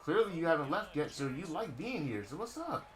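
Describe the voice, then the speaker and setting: A man's voice: a little high, sing-song, brisk. A young man streaming a football game, talking casually to his chat in a slangy, mocking way. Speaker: gaming streamer. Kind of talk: casual live-stream talk. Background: game crowd noise.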